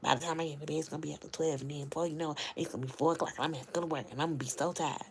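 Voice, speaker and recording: A woman's voice: low voice, fairly even intonation, rapid-fire, a little mellow, slight background noise, voice pushed down. A woman imitating her tired, grumbling husband as he complains about having to get up for work.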